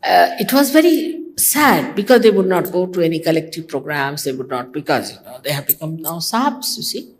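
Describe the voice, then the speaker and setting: A woman's voice: low-pitched, lively intonation, a little fast. An older woman from India, a spiritual teacher giving a conversational devotional talk to her followers, teasing and mimicking others. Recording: archival talk recording.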